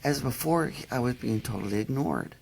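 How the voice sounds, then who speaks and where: Gravelly-voiced woman dog trainer. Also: very deep voice, sing-song, fairly quick, darkish tone. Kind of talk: casual interview.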